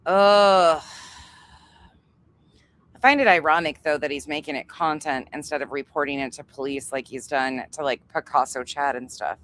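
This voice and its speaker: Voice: mid-range voice, brisk, hardly any pauses, fairly bright tone. A channel host giving blunt, exasperated commentary while reacting to a clip, swearing freely.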